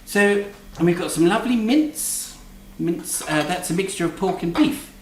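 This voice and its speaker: A man's voice: high-pitched, animated, normal speed. A man playing a posh, bossy middle-aged lady cook in a comic cooking show, prim and tart, ending lines with "dear". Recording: roomy distant kitchen recording, faint noise.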